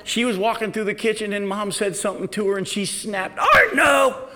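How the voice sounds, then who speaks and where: A middle-aged man preaching a sermon in a conversational, storytelling way, sometimes dropping to a quiet, low delivery. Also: little pitch movement, brisk. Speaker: pastor.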